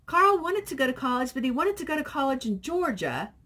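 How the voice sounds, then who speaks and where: A woman's voice: sits high, sing-song, a little fast, pushed and bright. A middle-aged woman vlogging casually, rambling and reading viewer comments aloud. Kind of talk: casual chat.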